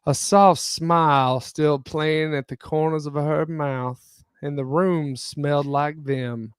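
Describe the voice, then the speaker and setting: A man reads a steamy romance story aloud on a podcast, taking his time over every phrase. His voice sits at a middle pitch, and the close microphone leaves it dry, without any room around it. Now and then he breaks off to crack a joke. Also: fairly even intonation, clean tone, no room sound. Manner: deliberate reader who breaks off to joke. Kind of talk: reading spicy fiction aloud with joking asides.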